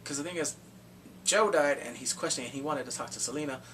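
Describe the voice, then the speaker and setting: A movie reviewer gives a casual spoken recap, rambling and excitable, in a fast, mid-range voice full of blunt, crude slang. He sounds a bit off-mic, recorded on a distant microphone with faint background noise.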